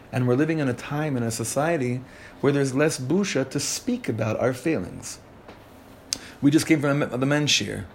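Animated man teaching a Torah class. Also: mid-range voice, slight background noise. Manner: animated, asks the group questions, many restarts.

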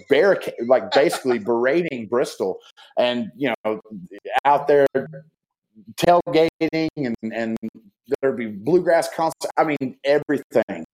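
A man of middle pitch speaks as a guest on a talk show. He tells loose stories and earnest reflections, rambling through fillers and restarts. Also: darkish tone, low-quality recording. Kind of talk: casual storytelling and heartfelt reflection.

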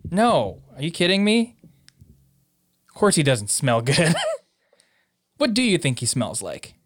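A young man joking around in a relaxed chat, teasing and laughing easily, his pitch jumping high and low. The voice sits close and dry on the mic. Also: measured pace, dry recording. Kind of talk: casual chat.

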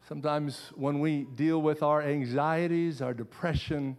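A man's voice: on the high side, steady tone, measured pace. Earnest man preaching a sermon. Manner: earnest preaching with repeated phrases. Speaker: pastor.

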